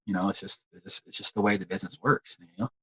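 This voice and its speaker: A man's voice: fairly low pitch, fairly even intonation, fast, bright, forceful tone, slightly rough, low-quality recording. A man chatting casually as an interview guest, laid-back and slangy, repeating words as he talks. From United States. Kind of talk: casual conversation.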